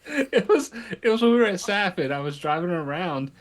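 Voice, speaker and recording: A man on a live stream telling a story with a deadpan punchline and dry jokes. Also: sits high, fairly quick, a crowd in the background. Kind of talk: casual chat on a live stream.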